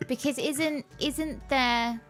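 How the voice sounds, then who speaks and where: A woman's voice: sits high, steady tone, slow pace, a bit bright, faint music behind. A woman co-hosting a casual livestream, teasing and joking along.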